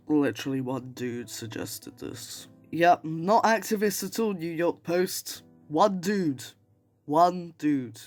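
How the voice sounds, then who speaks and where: A man's voice: fairly high pitch, expressive, slow pace, faint music behind. A man hosting a casual reaction commentary, sarcastic and mocking, often laughing. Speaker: commentary video host.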